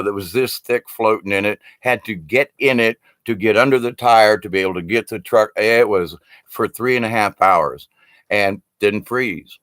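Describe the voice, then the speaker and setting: Older man, lowish voice, dry close sound, rambling storyteller who laughs and swears. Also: a bit bright, no room sound. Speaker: speaker on shamanism. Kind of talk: casual storytelling talk.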